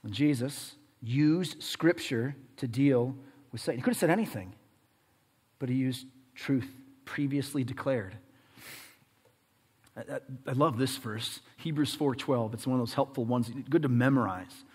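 A man preaching a sermon as pastor, swinging between loud, emphatic passages and hushed, quiet ones. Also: medium pitch, a little slow, slightly rough, big-room sound.

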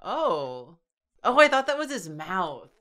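A woman's voice: mid-range voice, very animated, slow pace, background noise. A woman chatting casually with friends while drawing, laughing often. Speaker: regular artist on the show.

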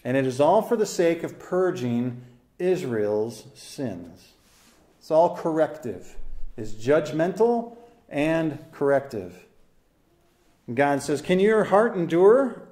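A man preaching an expository sermon in a voice pitched a little above the usual for men. He is earnest and emphatic, repeating key phrases for stress and putting questions straight to his listeners. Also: expressive, takes it slowly, warm tone. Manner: asks the listeners questions directly. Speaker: pastor.

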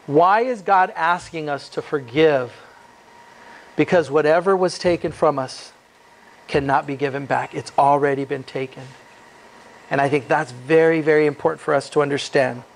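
In a church, a pastor with a slightly raised pitch delivers an expository sermon, reading scripture and then adding relaxed, joking asides. Again and again he poses rhetorical questions to his listeners.

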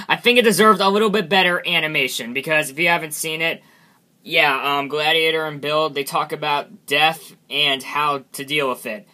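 Man, channel host, casual self-review, sharp bright tone, a bit high, self-deprecating, stop-start. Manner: self-deprecating, chuckling, restarts often. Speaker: channel host reviewing his own animation.

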